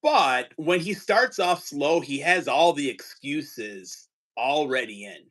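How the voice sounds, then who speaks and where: A man's voice: a little high, expressive, slow pace, fairly bright tone. A man hosting a casual livestream chat from home, easygoing and rambling. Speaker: teacher and card-collecting stream host.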